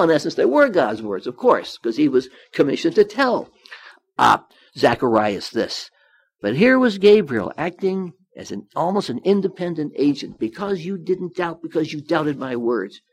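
A man's voice: a little high, slightly rough. A man giving a Bible study sermon, reading scripture aloud and then explaining it in his own words, with some restarts. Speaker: Bible teacher.

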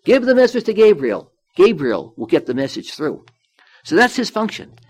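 A man's voice: sits high, wildly swooping pitch, normal speed, darkish tone, breathy edge. A man giving a Bible study sermon, reading scripture aloud and then explaining it in his own words, with some restarts. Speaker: Bible teacher.

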